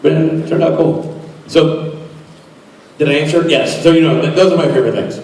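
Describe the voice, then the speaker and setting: The panel guest, a man in his forties, keeps the large convention audience laughing with loose, self-mocking tales. His voice is slightly high, steady and a bit mellow at an ordinary speed, picked up at a distance by a phone in the audience amid the hall's echo.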